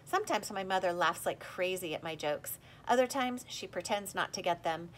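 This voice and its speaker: A woman reading a children's story aloud in a lively, expressive way. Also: fairly low pitch, normal speed, slight background noise. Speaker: audiobook reader. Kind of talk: storybook narration with character voices.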